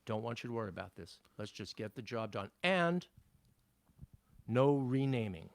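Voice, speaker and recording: A man with a New York accent, a podcast guest who speaks in a measured, well-spoken way, sometimes with formal wording. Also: medium pitch, lively intonation, creaky. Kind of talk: casual interview chat.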